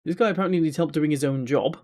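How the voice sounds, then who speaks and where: A man's voice: fairly high pitch, rapid-fire, dark tone. A man streaming gameplay and commenting with wry, sarcastic asides.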